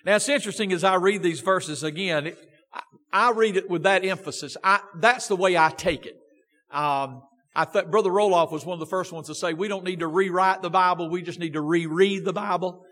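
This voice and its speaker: A man's voice: sits high, a little fast, a bit bright. A man preaching a sermon as pastor, reading scripture with strong emphasis and asking rhetorical questions in a church sanctuary. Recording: long church-hall reverb.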